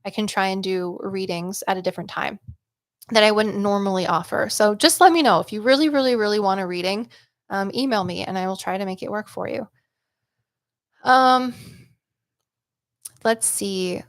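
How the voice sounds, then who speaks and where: Speaking in a mid-range voice, a woman hosts a casual psychic-medium livestream and reads viewer comments as they come in. Her talk is loose and chatty, packed with "like" and "um" and punctuated by quick laughs, and the recording is dry.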